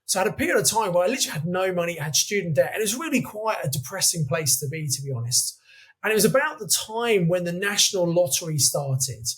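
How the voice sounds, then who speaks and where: A man in his fifties, a podcast guest telling animated anecdotes in a chatty way. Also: high voice, quick pace. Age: 50s. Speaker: guest, property investor. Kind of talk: podcast interview storytelling.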